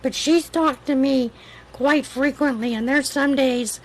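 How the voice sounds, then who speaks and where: High-voiced woman with a weak voice. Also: a little slow, crowd noise, low-quality recording. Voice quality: weak voice that is hard to project. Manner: chatty, rambling storyteller. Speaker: livestream host. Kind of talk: casual chat, telling a story.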